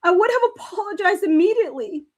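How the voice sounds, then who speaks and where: A woman's voice: extremely high pitch, lively intonation, quick pace. A woman on a live stream reading text messages aloud and reacting, often laughing and close to tears. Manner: emotional, laughing and near tears while reading. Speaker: livestream commentator. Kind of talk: casual live commentary reading texts aloud.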